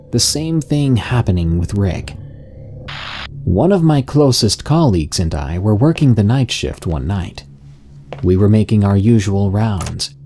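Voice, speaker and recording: A man narrating a scary story in a slow, even, scripted storytelling delivery. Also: lowish voice, slight background noise.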